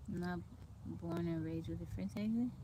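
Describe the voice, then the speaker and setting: A woman chatting on a live stream, calmly greeting and thanking viewers one by one from outdoors in the woods, speaking into her phone. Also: lowish voice, normal speed. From Texas, USA. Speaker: livestream host. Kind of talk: casual live-stream chat reading viewer comments. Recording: faint outdoor noise from a phone. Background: insects and birds outdoors.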